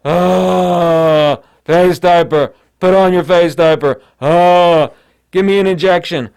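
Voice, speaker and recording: A man's voice: high-pitched, steady tone, slow pace, darkish tone, smooth, voice pushed up. A man putting on the voice of a moaning, zombie-like person in a face mask, groaning in a mocking way.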